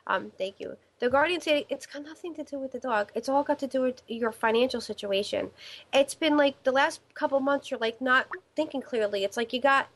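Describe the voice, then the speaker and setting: Woman host of a live call-in show, rambling and full of fillers, voice pitched a touch high. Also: brisk, a bit bright. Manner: rambling, many fillers and restarts. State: stiff neck. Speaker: psychic medium show host.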